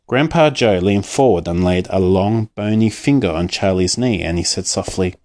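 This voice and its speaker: A man's voice: low-pitched, moderate pace, hardly any pauses. A man reading a storybook aloud, narrating expressively. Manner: expressive and lively.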